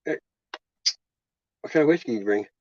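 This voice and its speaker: A laid-back man rambles through casual, profane chat over drinks. His voice sits at an ordinary pitch, and the sound is dry and lo-fi. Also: lively intonation, moderate pace, no room sound. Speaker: host. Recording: dull lo-fi sound.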